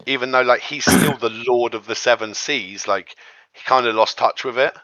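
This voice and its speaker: A man's voice: mid-range voice, steady tone, moderate pace, sharp tone, dry recording, lo-fi sound. A man hosting a podcast, chatting casually and rambling, acting out quotes in a raised voice. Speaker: podcast host. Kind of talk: casual chat.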